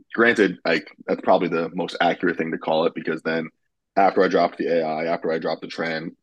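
Young guy from new york, deep and kinda husky, swearing casually on a podcast, dead dry sound. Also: no echo, poor audio. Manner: frank and swears casually, with frequent um fillers. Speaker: podcast guest, bodybuilder. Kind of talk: casual candid chat.

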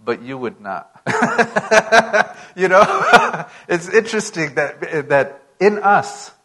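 A man preaching a sermon in an unhurried, emphatic way, his volume swinging from loud to soft. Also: mid-range voice, rough recording.

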